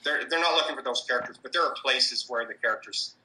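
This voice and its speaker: A man's voice: mid-range voice, quick pace, sharp tone, slight background noise, low-quality recording. A man answering interview questions about his street performing, hesitant, with many fillers and restarts. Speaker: street performer in mobster costume.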